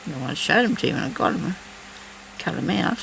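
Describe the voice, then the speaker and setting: A woman's voice: lowish voice, very animated, brisk, creaky, a bit bright, a little hiss or hum, poor audio. A woman chatting casually while she crafts, thinking aloud and talking to herself as she works. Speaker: crafting vlogger.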